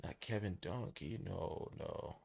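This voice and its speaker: A man hosting a live watch-along podcast, giving casual play-by-play in a relaxed, slangy way and jumping from hushed commentary to loud excited outbursts. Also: low-pitched, slow, gravelly, breathy edge. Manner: casual slang, talks to the listener like a friend. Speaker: podcast host calling a game.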